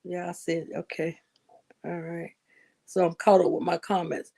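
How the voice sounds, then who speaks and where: A woman hosting a casual gossip livestream, animated and laughing often, with drawling asides to her viewers. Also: fairly low pitch, normal speed, creaky. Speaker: livestream host.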